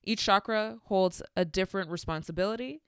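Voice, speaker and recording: Smooth-voiced woman hosting a podcast. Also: mid-range voice, brisk, dry recording, clean studio sound. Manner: candid, animated storytelling with spiritual musings. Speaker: podcast host. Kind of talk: reflective solo podcast monologue.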